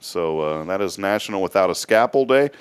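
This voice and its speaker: Goofy rambling radio host. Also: male voice, sits low, lively intonation, fairly quick, clear, resonant tone. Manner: goofy, rambling, laughs often. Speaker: morning show host. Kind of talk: casual radio talk show banter.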